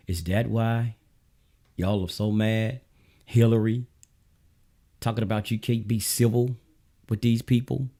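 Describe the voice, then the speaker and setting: A man's voice: fairly low pitch, fairly even intonation, measured pace, pauses often, dark tone. A man with a Southern US accent hosting his own show, giving a blunt, preachy political monologue straight to his viewers. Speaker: show host.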